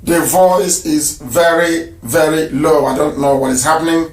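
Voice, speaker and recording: A man with a high voice hosts a live radio call-in show and talks emphatically, hammering points home by saying them again and again. His voice rings in an echoey room. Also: steady tone, measured pace. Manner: emphatic, repeats phrases for stress. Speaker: radio broadcast host.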